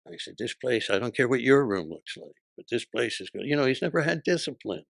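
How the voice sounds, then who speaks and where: A man in his sixties, a comedian guest, telling stories in casual chat with a punchy, profane delivery and quick character voices when he quotes people. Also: mid-range voice, lively intonation, creaky, fairly bright tone, dry recording, studio quality.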